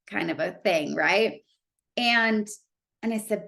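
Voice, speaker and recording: A woman speaker telling a personal story to an audience, animated and chatty, full of "like" fillers. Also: mid-range voice, fairly quick. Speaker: motivational speaker.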